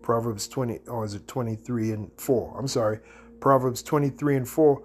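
A man giving a blunt, slangy preaching commentary, reading scripture verses slowly between remarks. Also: mid-range voice, a little mellow, husky. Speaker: Bible teacher.

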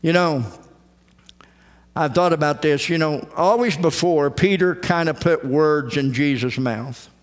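A man's voice: a little high, unhurried, long reverb tail. A man preaching a folksy sermon as pastor, acting out the voices he quotes. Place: church sanctuary.

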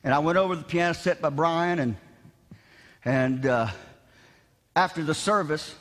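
A man preaching a revival sermon, shouting with animated, self-mocking humor in a large church. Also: on the high side, normal speed. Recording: long hall reverb in church.

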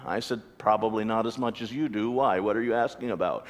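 A man preaching a sermon as a pastor, animated storytelling with acted-out voices. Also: on the low side, fairly quick, few pauses. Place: church sanctuary. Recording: long church reverb.

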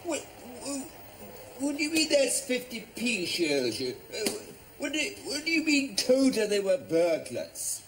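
Sitcom, outraged old bloke, high voice, keeps repeating himself, noisy tv sound. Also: male voice, wildly swooping pitch, a little slow, full character voice. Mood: incredulous. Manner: spluttering, repeats himself in disbelief. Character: exasperated older man, outraged and incredulous. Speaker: burgled neighbour. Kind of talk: sitcom acting.

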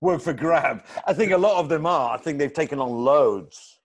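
A man's voice: fairly high pitch, moderate pace. Chatty bantering man on a call. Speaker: co-host. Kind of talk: casual remote chat. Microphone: video call.

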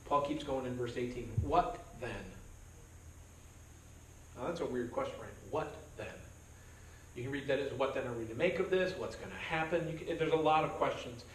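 Speaking fast and barely pausing, this man has a medium-pitched voice and a touch of hiss or hum behind him. As a pastor, he leads a chatty verse-by-verse Bible study, joking around and performing quoted voices. It's captured from a distance in a church meeting room, so it sounds roomy with faint background.

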